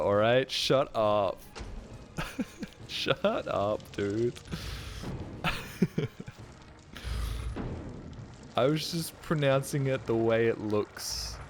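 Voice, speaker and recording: A man's voice: medium pitch, noisy background. A man streaming a video game, chatting casually with a goofy, self-mocking manner and plenty of swearing. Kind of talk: casual gaming stream commentary.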